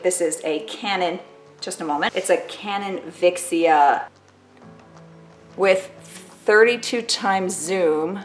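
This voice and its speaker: A woman's voice: on the low side, slow, pauses often, echoey room, soft background music. A woman vlogging at home in casual chat to camera, chatty and self-mocking, full of "like" and "totally".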